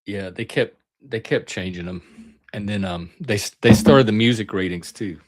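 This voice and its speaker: A man's voice: fairly low pitch, normal speed, darkish tone. Rambling middle-aged man reminiscing. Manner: rambling, self-interrupting, chatty. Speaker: channel host. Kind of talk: casual reminiscing monologue.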